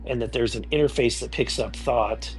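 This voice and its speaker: Brief: male interviewee, hesitant, restarts a lot, clear music under him. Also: medium pitch. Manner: halting, lots of restarts and fillers. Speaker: interviewee in a played clip. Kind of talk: casual interview recounting.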